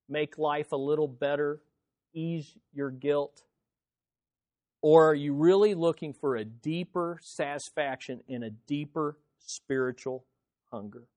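Male pastor, sermon, lively rising and falling delivery, rhetorical questions, dry close sound. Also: a little high, no echo. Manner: animated preaching, many rhetorical questions, swings from soft to loud. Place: church service.

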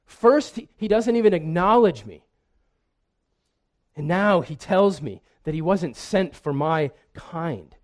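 A man's voice: on the high side, expressive, takes it slowly, long pauses, mellow. A man preaching voices an indignant woman who turns to plain begging for help. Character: indignant foreign woman pleading with a healer.

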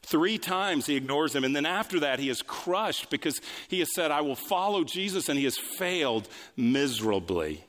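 A male pastor delivering a sermon, building lines through repetition and swinging between raised and hushed delivery. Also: lively intonation. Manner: preaching with sweeping pitch swings, quick asides and repetition. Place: church sanctuary. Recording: long reverb of a large hall.

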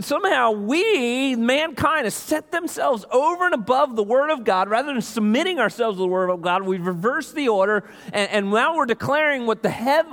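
A man's voice: extremely high pitch, a bit bright. A man preaching a sermon as pastor, emphatic and repetitive, calling out questions to the congregation. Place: church sanctuary. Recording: long reverb of a church hall.

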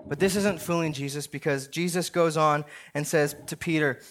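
A man's voice: a little high, fairly even intonation, moderate pace, a bit bright. Conversational man preaching a sermon. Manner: conversational preaching, frequent "right?" tags. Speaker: pastor.

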